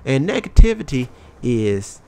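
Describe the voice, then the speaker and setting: A man's voice: medium pitch, sing-song, a little slow, vocal fry, dark tone, a little hiss or hum. A young man with a strong Southern US twang, talking candidly and profanely over his gameplay as a YouTube commentator. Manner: candid, rambling, swears freely. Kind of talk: casual motivational talk over gameplay.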